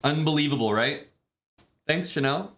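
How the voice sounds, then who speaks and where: A man from Canada, streaming chess in a relaxed, chatty way with many fillers. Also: fairly high pitch, moderate pace. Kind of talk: casual live-stream commentary.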